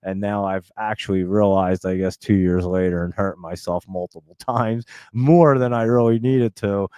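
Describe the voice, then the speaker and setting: Smooth-voiced, rambling stream host man. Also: lowish voice, steady tone, normal speed, darkish tone, no room sound. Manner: rambling, loose and profane, with frequent fillers. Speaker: host of a live stock trading stream. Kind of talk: casual live-stream chat.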